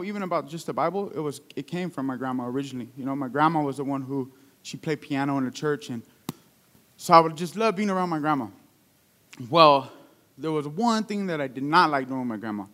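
Conversational man preaching, fairly high voice. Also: fairly bright tone. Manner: conversational storytelling with call-outs. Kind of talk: sermon.

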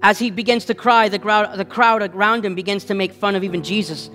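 A man's voice: high-pitched, steady tone, brisk, sharp tone, in a large hall, faint music behind. A man preaching a sermon with passion and lots of repetition, acting out the voices he quotes. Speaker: pastor.

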